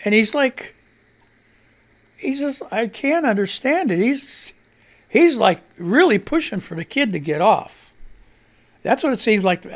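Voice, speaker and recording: A man's voice: sits high, animated, unhurried, pauses often. A man from Missouri hosting a live radio show in a casual, rambling way, reading social media posts, laughing often and swearing freely.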